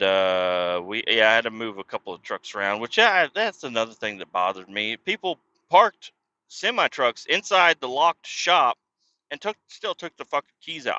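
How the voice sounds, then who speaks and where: Bright-voiced swearing podcast man. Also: medium pitch, dry recording. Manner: profane, rambling, swears constantly. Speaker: podcast host. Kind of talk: casual storytelling monologue. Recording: dull lo-fi, dry.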